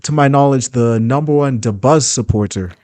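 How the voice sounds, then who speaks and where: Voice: medium pitch, brisk, a little mellow, no room sound. A podcast host chatting casually and teasing the guest. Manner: playful, teasing interjections. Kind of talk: casual chat.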